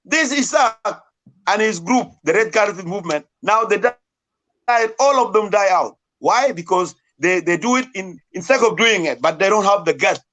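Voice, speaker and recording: South Sudanese male debater, high-pitched, insistent, keeps cutting in with repeated words. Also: lively intonation, normal speed, a bit bright. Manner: insistent, talks over others, repeats words. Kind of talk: heated online debate.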